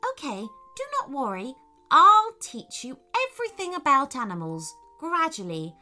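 A woman voicing a kind, caring firefly that speaks softly and reassuringly. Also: sits high, huge pitch swings, normal speed, faint music behind, heavily acted. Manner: soft, gentle and reassuring.

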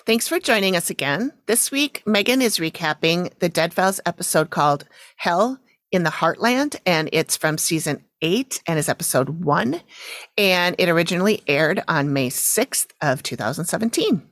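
A woman co-hosting a relaxed podcast, laughing often and teasing her friend. Her voice sits fairly low but moves a lot in pitch, and it is recorded close and dry. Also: normal speed, no echo. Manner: laughs often, supportive listener, playful teasing. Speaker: podcast co-host. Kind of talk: casual chat.

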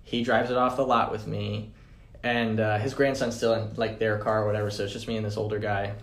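A man's voice: lowish voice, little pitch movement, brisk, fairly bright tone. A young adult man, a podcast guest, telling a personal story in a casual, rambling way full of "like" and "man". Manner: rambling, fillers like 'like' and 'man'. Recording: roomy echo.

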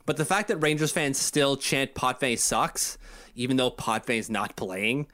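A man's voice: medium pitch, unhurried, a bit bright. A man co-hosting a podcast, talking in a chatty, rambling way and correcting himself as he goes. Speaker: podcast co-host. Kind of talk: casual podcast chat.

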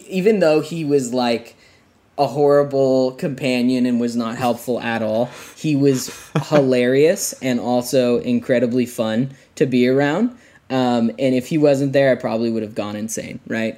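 A man's voice: medium pitch, moderate pace, dark tone. A young man, a podcast guest, telling a long story in a rambling way, full of fillers and laughs. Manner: rambling, lots of "like" fillers, laughs between lines. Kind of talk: casual storytelling.

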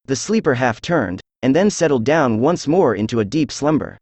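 A synthesized male voice reading a classic detective story aloud, even and measured, with little change between characters. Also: medium pitch, no echo. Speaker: audiobook narrator. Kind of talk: scripted narration.

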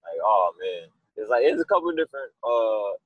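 A man with a fairly low, husky voice chats casually in an interview. He rambles and tells animated stories. The sound is dry and close. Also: a little fast, no room sound, phone-quality sound. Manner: rambling, animated storytelling with laughs. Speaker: musician guest.

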